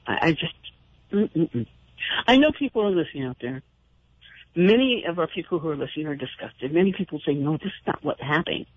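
A man's voice: a little high, lively intonation, a little fast, no room sound. Indignant radio host, man. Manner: impassioned, indignant, rambling with restarts. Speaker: radio talk show host. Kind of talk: call-in radio monologue. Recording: dull lo-fi radio broadcast.

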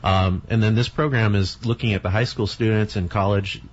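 Low husky-voiced man rambling on. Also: fairly even intonation, a little fast. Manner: rambling, many restarts. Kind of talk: casual radio talk. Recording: dull lo-fi sound.

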